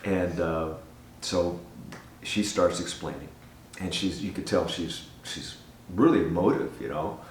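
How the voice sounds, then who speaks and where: An older man earnestly telling a personal testimony in a casual, animated way, often repeating words as he goes. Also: low-pitched, unhurried, slight background noise. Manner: earnest, animated storyteller who repeats himself. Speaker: guest giving a testimony. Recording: roomy sound from a distance.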